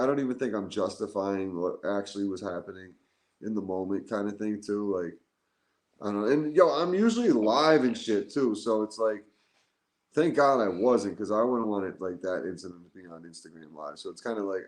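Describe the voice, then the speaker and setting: A man co-hosting a podcast in a casual chat, telling an animated story full of "like". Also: lowish voice, brisk. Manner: animated storytelling, heavy use of "like". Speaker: podcast co-host. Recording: echoey room.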